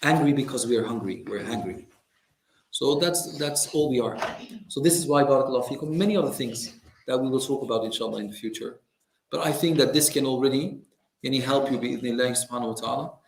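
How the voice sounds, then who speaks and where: A man teaching a religious class in a community centre, lively and teasing, mimicking complainers. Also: mid-range voice, fast talker, slight background noise. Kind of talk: lecture to a class. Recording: echoey hall.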